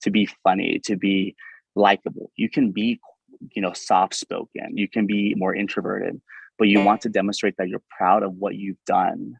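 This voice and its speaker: Fast-talking gravelly young man advising students. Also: low voice, low-quality recording. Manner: fast-talking and energetic, with many fillers. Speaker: medical school admissions advisor and presenter. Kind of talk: informal webinar presentation.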